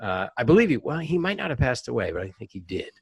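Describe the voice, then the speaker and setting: A middle-aged man, a voice actor and comedian, telling anecdotes in a relaxed podcast interview with lots of ums and restarts. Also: mid-range voice, fast, vocal fry, slightly rough, no room sound. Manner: animated, chatty anecdotes with frequent fillers. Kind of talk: casual interview storytelling.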